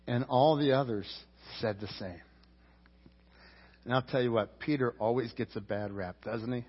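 Guy pastor preaching hard then going quiet, muffled lo-fi recording in an echoey church. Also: moderate pace, breathy edge. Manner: emphatic preaching, rises loud then drops low. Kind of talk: sermon. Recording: roomy church hall, dull lo-fi sound.

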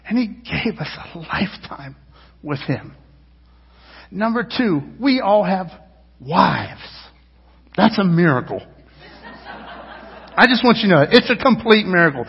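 A fairly high, husky man in his fifties preaches to his church, telling a rambling story full of restarts and asides. His voice climbs loud for emphasis, then drops low and quiet. The sound is dull, with a long reverb filling the sanctuary. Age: 50s. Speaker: pastor. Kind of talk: sermon.

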